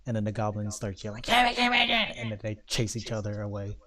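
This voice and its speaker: A man running a tabletop role-playing game as game master, narrating the scene in a loose, halting way full of fillers. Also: lowish voice, huge pitch swings, a crowd in the background.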